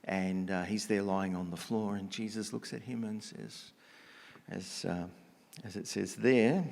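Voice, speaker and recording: A man preaching a conversational sermon, telling stories in a relaxed, casual way with slang and frequent restarts. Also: on the low side, measured pace, creaky, big-room sound.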